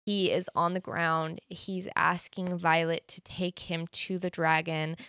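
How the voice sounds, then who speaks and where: A young woman with a somewhat low voice chats emotionally, dropping casual swears. The sound is dry and close. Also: level tone, a little slow, a bit bright, no echo. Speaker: podcast co-host. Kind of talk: casual chat.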